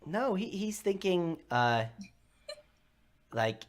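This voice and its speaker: A man's voice: high voice, big pitch swings, extremely slow, a little hiss or hum. A man narrating as game master of a tabletop game, talking with many fillers and restarts.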